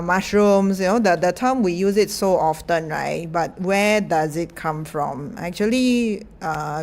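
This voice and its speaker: A middle-aged woman lecturer, explaining in a chatty, informal way with many fillers and small laughs. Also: on the low side.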